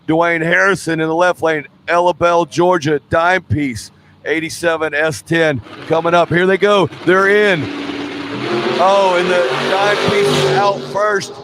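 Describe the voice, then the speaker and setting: A man calling drag races as announcer, brisk and excited, at an outdoor drag strip. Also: high-pitched, noisy background. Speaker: race announcer. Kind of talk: drag race commentary.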